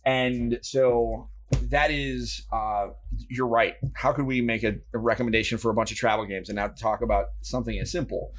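A man co-hosting a family board game podcast, chatting casually with rambling, animated asides. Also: mid-range voice, normal speed, a little hiss or hum. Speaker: podcast co-host. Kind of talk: casual chat.

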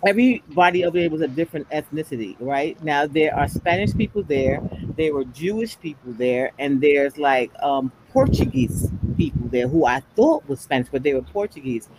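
Speaking at a normal speed in a low voice with lively intonation, a woman on a podcast panel tells stories with energy, performing the voices she quotes. It's a casual chat with noise in the background.

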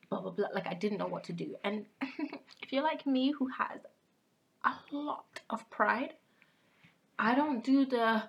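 A young woman hosting a podcast, telling a personal story candidly and often dropping into hushed, whispered asides. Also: mid-range voice. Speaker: podcast host. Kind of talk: casual confessional monologue.

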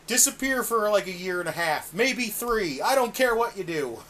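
A man's voice: high-pitched, animated, moderate pace, bright, forceful tone. A man co-hosting a casual podcast, ranting with exasperation and constant swearing. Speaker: podcast co-host reviewing wrestling. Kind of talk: casual profane chat.

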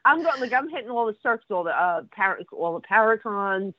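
A woman medium tells her stories in a loose, rambling way, stumbling over and repeating her words. Her voice sits at an ordinary middle pitch. It comes through a thin, tinny line with a dry, close sound. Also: lively intonation, a little fast, no echo. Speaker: medium, guest. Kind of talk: casual interview, storytelling.

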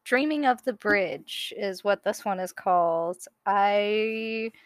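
A young woman reading her own writing aloud, slowly, with self-deprecating nervous jokes in between. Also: mid-range voice, no room sound, clean studio sound.

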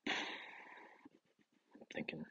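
A man's voice: very slow, pushed and bright, highs cut off, a little hiss or hum. A man casually hosting a fantasy football league podcast on his own, rambling and wisecracking, swearing under his breath when he slips up. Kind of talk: casual solo sports chat.

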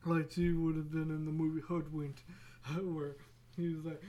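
Podcast host, casual solo chat, rambling, laughs a lot, restarts words, slow pace. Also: mid-range voice, flat delivery, dark tone. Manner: rambling, laughs often, restarts words, acts out quick silly voices.

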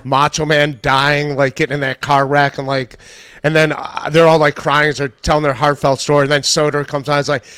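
A man's voice: on the high side, flat delivery, fairly quick, fairly bright tone, smooth, dry recording, clean studio sound. A man, a comedian guest on a podcast, chatting casually and acting out the lines he quotes in his stories. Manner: storyteller who acts out quoted lines.

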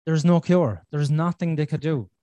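A man's voice: on the high side, normal speed, dark tone, no echo. A man hosting a podcast, talking candidly and bluntly, swearing freely and repeating himself for emphasis. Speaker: podcast host. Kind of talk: candid conversational chat.

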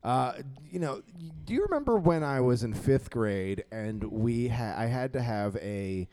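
A young man co-hosting a comedy podcast with his mother, teasing her with quick asides and frequent laughter. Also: mid-range voice, sing-song, mellow, clean tone. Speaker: podcast co-host. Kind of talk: casual comedic chat.

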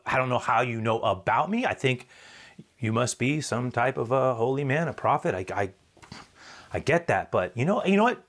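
A man's voice: medium pitch, fairly bright tone. A man preacher voicing a flustered, evasive Samaritan woman who stammers and repeats herself.

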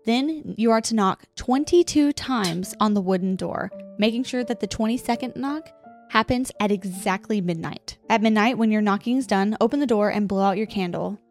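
A woman's voice: medium pitch, a little mellow, faint music behind. Woman reading eerie game rules. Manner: reads rules slowly and deliberately, laughs often. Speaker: podcast co-host. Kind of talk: casual podcast chat, reading out game rules.

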